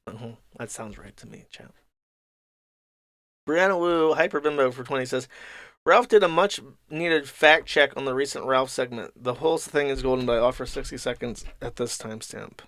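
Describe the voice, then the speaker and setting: A man's voice: mid-range voice, brisk, fairly bright tone, no room sound, clean studio sound. A man hosting a livestream, reading paid donations aloud and answering them with mocking, profane commentary. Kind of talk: casual commentary stream.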